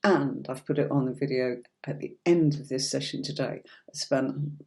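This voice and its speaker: Speaking at a normal speed in a very deep, darkish voice, a woman from Yorkshire teaches tarot over a livestream. Her light Yorkshire accent comes through as she chats reassuringly and calls viewers darling.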